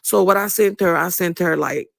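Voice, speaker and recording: A fan in a played clip, recounting a story in a matter-of-fact way and listing things off one by one. The voice is gravelly with plenty of fry. The recording is dry and close. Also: medium pitch, normal speed, dry recording.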